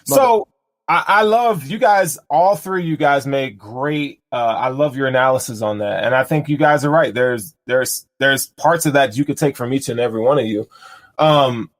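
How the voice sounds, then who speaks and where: A man hosting a casual sports podcast with a Southern US accent, joking and animated with his guests. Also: mid-range voice, moderate pace. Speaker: podcast host.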